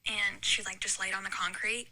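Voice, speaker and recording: A woman's voice: medium pitch, flat delivery, normal speed, sharp tone, rough recording. A young woman telling a long, rambling story in casual chat, with lots of "like" and restarts. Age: young adult. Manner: chatty, rambling story with many likes. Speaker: podcast guest.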